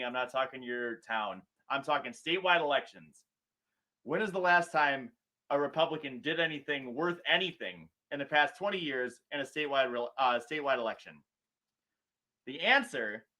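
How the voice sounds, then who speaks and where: A middle-aged man hosting a political talk show, ranting with sarcasm and mocking politicians in put-on quotes. His voice sits a little high and rings bright and sharp.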